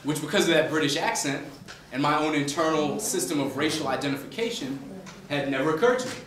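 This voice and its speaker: A man from the Boston suburbs tells a story to a class in a lively, conversational way, full of "you know" and "um". His voice sits a bit high for a man. He is picked up from across an echoey classroom, with faint room ambience behind him. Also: fast talker, distant mic, a little hiss or hum. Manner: animated, conversational, many fillers. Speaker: author speaking to a class. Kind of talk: humorous storytelling lecture. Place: university classroom.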